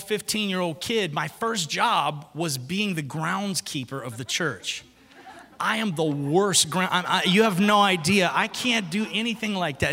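A man preaching a sermon as pastor, telling stories with lively acted-out quotes. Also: sits high. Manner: lively storytelling, acts out quotes. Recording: long hall reverb.

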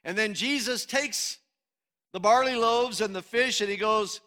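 Male pastor, high bright voice, dynamic preaching delivery from hushed to booming. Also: unhurried. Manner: swings from hushed to loud, preacherly. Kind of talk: sermon.

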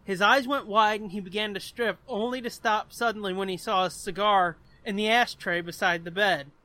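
A man's voice: high-pitched, steady tone, normal speed, pushed and bright, dry recording. A man co-hosting a podcast in casual chat, laughing often and swearing freely. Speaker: podcast co-host.

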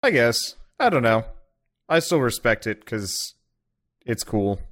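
A man's voice: medium pitch, sing-song, slow, fairly bright tone. A young man chatting casually on a podcast, often hesitant and trailing off with fillers as he talks about games. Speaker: podcast guest, video game streamer.

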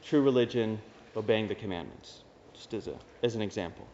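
In a church, a Dominican priest delivers a homily in a casual, conversational style sprinkled with wry asides. His voice is fairly low, brisk and a little mellow, and the recording sounds dull and reverberant.

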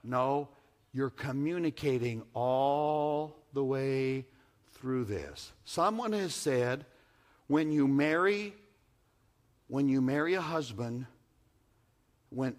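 A man preaching a sermon, repeating key phrases and swinging from hushed tones to loud calls. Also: medium pitch, animated, takes it slowly, pauses often. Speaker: pastor.

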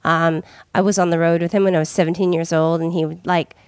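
A woman's voice: fairly low pitch, flat delivery, fast, darkish tone, smooth, no echo, clean studio sound. A woman comedian in casual podcast chat, rambling with many "like"s. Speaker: comedian guest.

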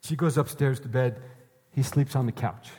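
A man's voice: medium pitch, normal speed, warm tone, breathy edge. A male pastor preaching a sermon earnestly, repeating his key phrases for emphasis. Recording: reverberant hall.

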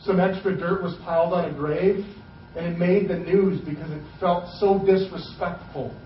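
A man preaching a sermon with a casual, chatty delivery and quick acted asides. His voice sits fairly high. It is heard from a distance in an echoey hall, with a dull, lo-fi sound. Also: fairly even intonation, a little hiss or hum. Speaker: pastor.

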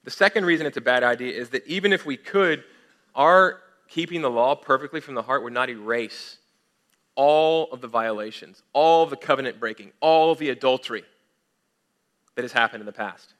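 A man's voice: mid-range voice, moderate pace, fairly bright tone. A young man giving an earnest, emphatic sermon as a pastor, often restarting his sentences.

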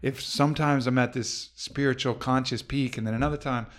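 A man's voice: mid-range voice, steady tone, brisk. A man hosting a podcast, talking in an earnest, philosophical way with casual swearing. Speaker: podcast host. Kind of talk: casual conversation.

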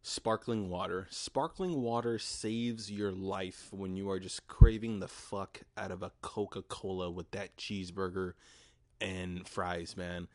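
A man's voice: low voice, fairly even intonation, a little slow, darkish tone, dry recording, clean studio sound. A man hosting a casual solo podcast from his garage. He rambles loosely and swears freely, joking as he goes. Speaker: podcast host. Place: home garage.

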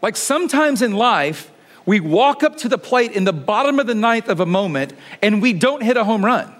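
A pastor speaks at normal speed in a sing-song voice, preaching his sermon like a conversation. Rhetorical questions run throughout, and he often quiets down to a low tone to emphasize things.

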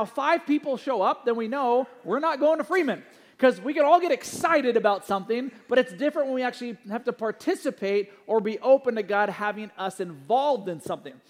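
High-voiced pastor in a reverberant hall. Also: male voice. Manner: conversational, anecdotal, many fillers. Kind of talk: sermon with announcements. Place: church sanctuary.

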